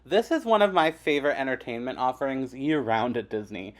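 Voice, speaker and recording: A man narrates his vlog in a casual, enthusiastic voice-over with a middle pitch. He talks chattily, with a few fillers. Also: lively intonation, fairly quick, music in the background. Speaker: vlog host.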